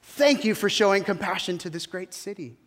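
Overwrought ancient male prophet exclaiming loudly, a man acting him out, higher voice, long hall reverb. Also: normal speed. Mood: elated. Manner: loud, exclaiming, theatrical.

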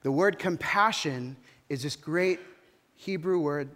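A male pastor giving a sermon, animated, rising and falling in volume and calling on the congregation to respond. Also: a little high, slow pace, big-room sound.

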